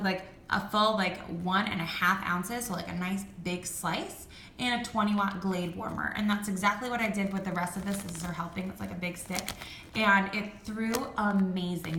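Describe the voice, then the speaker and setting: Bright-voiced chatty woman, echoey room. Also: mid-range voice, a little hiss or hum. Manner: chatty, rambling, frequent ums and likes. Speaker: vlogger reviewing wax melts. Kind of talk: casual chat. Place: home room with high ceilings.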